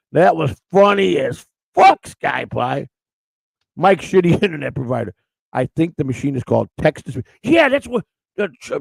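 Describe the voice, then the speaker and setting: Gravelly man rambling on a live stream. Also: a little high, no room sound, rough recording. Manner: crude, rambling, repeats words. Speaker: co-host of a live-streamed morning show. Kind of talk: rambling casual chat reading live chat.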